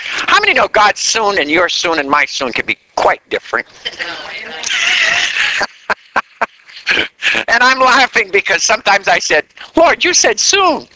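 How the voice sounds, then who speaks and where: A man preaching a sermon in an animated way, drawing call-and-response answers from the congregation. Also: extremely high pitch, slight background noise, rough recording.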